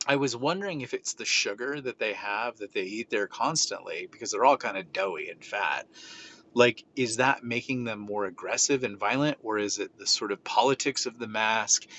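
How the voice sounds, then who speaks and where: A man's voice: mid-range voice, sharp tone. A middle-aged man hosting a podcast, telling stories with animation and acting out the exchanges. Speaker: podcast host. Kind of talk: casual podcast chat. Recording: slightly dull audio with faint noise.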